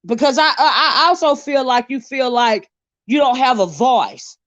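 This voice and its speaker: A woman's voice: high-pitched, normal speed, a bit bright, no room sound, highs cut off. A woman hosting a livestream in casual chat, fired up, blunt and profane, often stumbling over repeated words. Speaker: livestream host.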